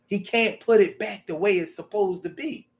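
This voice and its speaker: A man talking in a casual, rambling monologue, animated and profane, to his own audience. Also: sits high, normal speed, gravelly. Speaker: vlogger.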